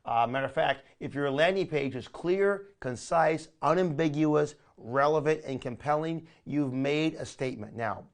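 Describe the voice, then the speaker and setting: A man leading a recorded training session, talking in an energetic, coaching way and often calling listeners "my friend". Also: a little high, moderate pace, few pauses. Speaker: online marketing trainer.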